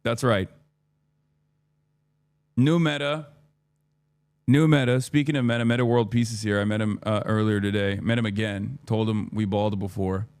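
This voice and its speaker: A man in his thirties streaming, telling a casual story in a rambling, profane, animated way, quoting his own lines. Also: fairly low pitch, a little fast, few pauses, smooth. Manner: rambling, profane, animated retelling with quoted dialogue.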